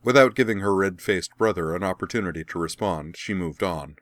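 Brief: male audiobook narrator, very low voice, wry and even, close dry recording. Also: brisk, dry recording. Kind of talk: scripted audiobook narration of fan fiction.

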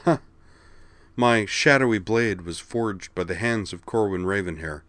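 A man's voice: lowish voice, measured pace, a bit bright, dry recording. A man voicing a tough, sardonic young woman swordfighter who speaks dryly and without mirth in a storybook reading. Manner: dry, mirthless.

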